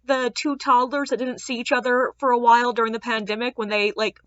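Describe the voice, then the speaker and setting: A woman who works as a ghost tour guide, telling a casual storytime tale and acting out the people in it with sudden jumps in her voice. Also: no room sound. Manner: animated, acts out quoted people with big pitch jumps. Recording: dull lo-fi dry sound.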